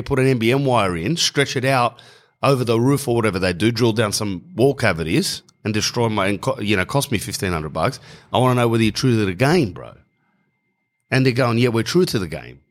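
An Australian man telling a rambling, slangy comic story, often correcting himself mid-sentence. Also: mid-range voice. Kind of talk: comedic storytelling monologue.

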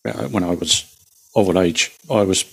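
A man co-hosting a casual chat, hesitant with many pauses and restarts. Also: low-pitched, vocal fry, slightly rough. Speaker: podcast co-host.

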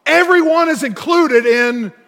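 A man preaching a sermon as pastor, telling stories and slowing to press hard on key words. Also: extremely high pitch, vocal fry. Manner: storytelling, slows and pushes hard on key words. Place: church sanctuary. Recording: long hall reverb with soft music.

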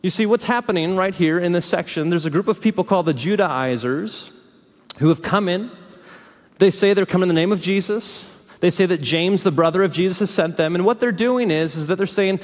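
High-voiced pastor preaching in a reverberant hall. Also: male voice, brisk. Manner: dramatic swings between hushed lows and fiery peaks. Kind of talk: sermon.

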